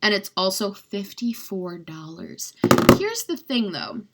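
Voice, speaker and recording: A woman's voice: mid-range voice, very animated, slow, heavy background noise. Chatty young woman beauty vlogger. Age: young adult. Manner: rambling, chatty, heavy use of "like"; gushing, self-mocking. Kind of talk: casual chat.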